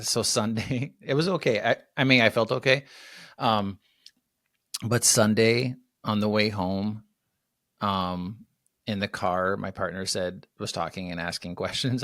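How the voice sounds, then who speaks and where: A man's voice: fairly low pitch, measured pace, fairly bright tone, no room sound, clean studio sound. A man co-hosting a podcast, telling stories in a rambling casual way with lots of ums and restarts. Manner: rambling storyteller, many fillers and restarts. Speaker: podcast co-host.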